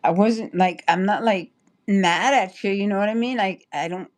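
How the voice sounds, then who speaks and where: A woman's voice: medium pitch, normal speed. A woman chatting on a livestream, rambling and apologetic, stopping and restarting her sentences. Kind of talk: casual livestream chat.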